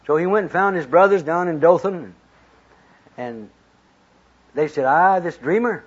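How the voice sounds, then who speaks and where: Folksy male preacher, husky voice, on a dull lo-fi tape. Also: fairly high pitch, measured pace. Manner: folksy, retells scripture in plain talk with lively quoted voices. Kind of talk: storytelling sermon. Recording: dull lo-fi recording.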